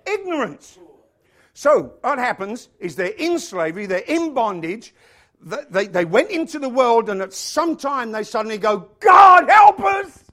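Animated high-pitched male preacher. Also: moderate pace. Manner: animated, acts out voices, big swings from loud to hushed. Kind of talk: sermon.

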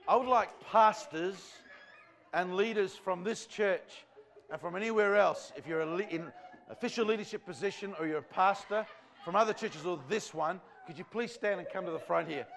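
A man's voice: high-pitched, fairly bright tone. A man preaching a revival sermon to a church congregation, fervent and rambling in a conversational way. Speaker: visiting evangelist.

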